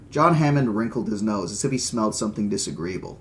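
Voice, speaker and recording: A man's voice: lowish voice, quick pace, hardly any pauses, a little hiss or hum. Man reading a novel aloud. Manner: plain steady reading with casual asides. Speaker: audiobook reader and streamer.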